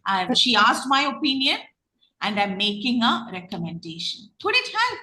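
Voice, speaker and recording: Woman, Malayali English accent, reading trainer, quizzing students, bright tone, roomy echo. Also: fairly high pitch, huge pitch swings, moderate pace, a little hiss or hum. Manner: questioning, repeats herself, many restarts. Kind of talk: online class teaching. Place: online class.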